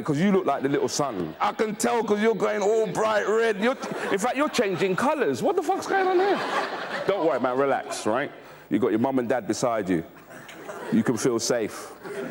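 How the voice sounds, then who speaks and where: A man's voice: medium pitch, in a large hall. A man doing a crude stand-up set on a club stage, teasing the crowd into a handheld mic. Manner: brash, crude, teasing the audience. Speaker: stand-up comedian. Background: audience.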